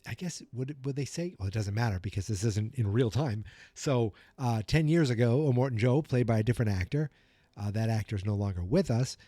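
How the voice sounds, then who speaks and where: Podcast host, male, Boston accent, rambling and self-correcting, mellow dark tone, dry close sound. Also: mid-range voice, fairly quick, no room sound. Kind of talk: casual movie review chat.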